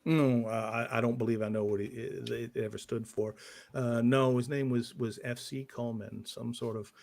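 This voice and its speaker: A man playing a guilt-ridden occult investigator in a tabletop game, telling his story in halting, hesitant bits. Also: medium pitch, little pitch movement, creaky, darkish tone, close to an everyday voice. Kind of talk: in-character tabletop role-play.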